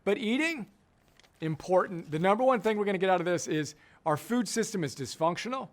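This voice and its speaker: This middle-aged man, a coach and the founder of a program, teaches emphatically and repeats key lines for effect. His voice is high, with lively intonation and a fairly quick pace.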